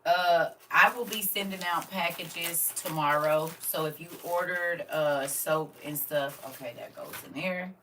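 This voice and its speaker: A woman's voice: lowish voice, fairly even intonation, a little slow, hardly any pauses, fairly bright tone, recorded from a distance, a little hiss or hum. An older woman, chatting casually to viewers on a live stream and talking straight to them. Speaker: vlogger.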